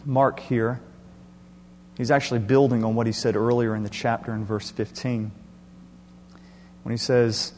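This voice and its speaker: A male pastor delivering an earnest, explanatory sermon that swings into loud passion. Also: medium pitch, level tone, unhurried, pauses often. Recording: echoey hall with faint hum.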